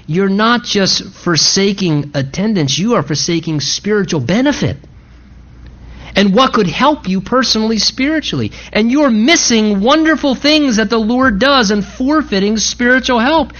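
A pastor delivers a sermon in a relaxed, conversational way. The voice rises and falls in a very lively way, and key phrases come back again and again for emphasis. The recording is muffled and lo-fi. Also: medium pitch, moderate pace. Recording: dull lo-fi recording.

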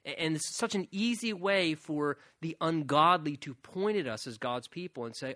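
A man's voice: a little high, lively intonation, normal speed, a bit bright, dry recording. A man preaching a sermon in a conversational way, retelling scripture in casual words and chuckling often.

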